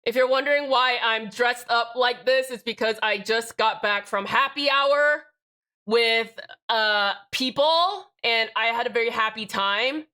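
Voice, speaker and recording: A woman's voice: fairly high pitch, a little slow, pushed and bright, clean tone. A young woman streaming live, chatting casually with viewers, bubbly, swearing freely and reading chat aloud.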